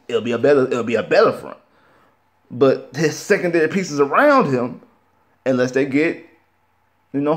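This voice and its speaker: A young man vlogging his football opinions, frustrated and animated, repeating himself and talking in casual slang. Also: mid-range voice. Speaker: sports vlogger. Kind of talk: casual sports opinion rant.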